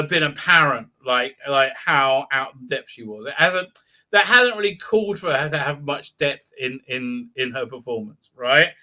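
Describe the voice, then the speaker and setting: A man's voice: fairly high pitch, sharp tone. A man hosting a live-stream review, rambling and sarcastic, with many stalls and restarts. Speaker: host and reviewer.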